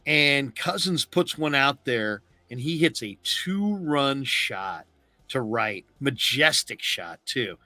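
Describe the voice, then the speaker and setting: A man's voice: medium pitch, slow, dry recording. A middle-aged man hosting a casual postgame baseball recap, telling the game like a story and acting out quotes. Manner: animated storyteller, acts out quotes. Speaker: sports talk host.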